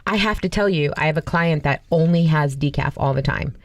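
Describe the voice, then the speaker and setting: A woman's voice: deep voice, fairly quick, no room sound. A woman co-hosting a radio show, talking candidly and playfully in casual banter. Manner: chatty, candid, playfully exasperated.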